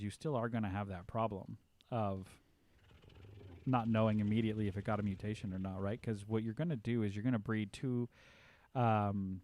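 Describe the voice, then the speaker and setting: A man's voice: on the low side, darkish tone, no room sound. A man casually chatting on a livestream, rambling with lots of fillers and restarts. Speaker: streamer.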